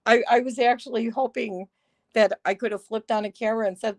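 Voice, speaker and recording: A woman's voice: a little high, steady tone, fairly quick, no echo. A woman hosting a casual livestream, chatty and sarcastic, often breaking into laughter, talking into a phone microphone. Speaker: livestream host. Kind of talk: casual live-stream chat.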